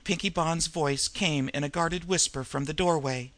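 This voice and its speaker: A man narrating a crime novel as an audiobook, in a steady, measured reading. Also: a little high, dry recording.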